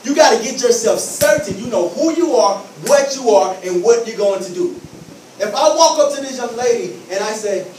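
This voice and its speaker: A man's voice: extremely high pitch, lively intonation, moderate pace, darkish tone, reverberant, recorded from a distance, slight background noise, low-quality recording. A man giving an emphatic motivational talk to students, repeating key phrases and acting out scenes. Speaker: motivational speaker.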